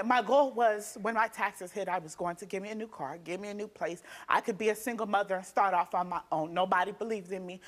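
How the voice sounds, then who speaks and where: A young woman, a guest on a talk show, giving an earnest, detailed and emphatic account of events. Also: medium pitch. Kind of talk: personal testimony.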